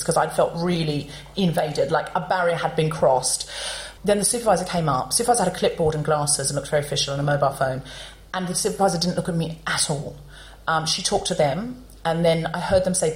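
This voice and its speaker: A woman with a slightly low voice hosts a comedy podcast live on stage. She tells her story in an animated, chatty way, slipping into the voices of the people in it. She speaks into a stage mic. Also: quick pace, a little hiss or hum.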